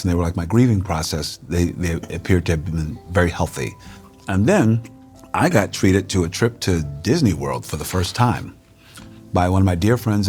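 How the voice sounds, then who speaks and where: A middle-aged man with a very low voice tells stories as a guest in a casual interview over a meal. He acts out the people he quotes, and faint music plays behind him. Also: a little mellow.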